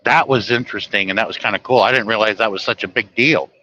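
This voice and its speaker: A middle-aged man from the United States tells rambling stories in a bright, forceful voice, chuckling often and livening up when he quotes people. The sound is a bit dull and lo-fi. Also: fairly low pitch, quick pace, slight background noise. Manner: chuckling often, animated when quoting others. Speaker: trucker telling stories. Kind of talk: casual storytelling monologue.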